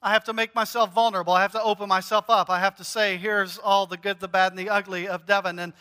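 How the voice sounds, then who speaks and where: A man's voice: high voice, flat delivery, quick pace, sharp tone, in a large hall. A male pastor preaching a sermon in an earnest, emphatic way, repeating key phrases.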